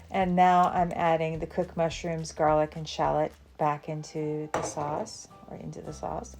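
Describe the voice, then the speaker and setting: A woman's voice: low-pitched, dark tone. A woman from the Southern United States hosting a cooking channel, chatting casually through a recipe with fillers and small laughs. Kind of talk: casual cooking demonstration voice-over.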